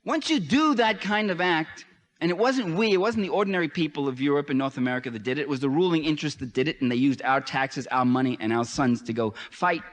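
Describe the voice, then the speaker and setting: A man giving a political lecture, emphatic, with sweeping rises and drops in pitch. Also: fast. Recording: long hall reverb.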